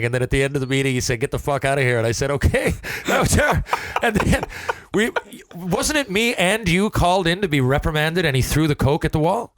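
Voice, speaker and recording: A man in casual podcast talk, reminiscing about his hockey days with plenty of swearing and laughter. His voice is middle-pitched and recorded close and dry, with no room sound. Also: no echo. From Newfoundland. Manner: swears freely, laughs through stories. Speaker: podcast host, former hockey player. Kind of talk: casual chat, storytelling.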